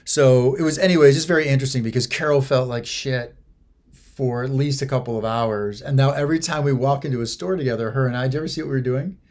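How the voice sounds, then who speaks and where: A man's voice: mid-range voice, fast talker, darkish tone. A man co-hosting a podcast, telling a travel story in casual chat and checking often that his co-host agrees. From United States.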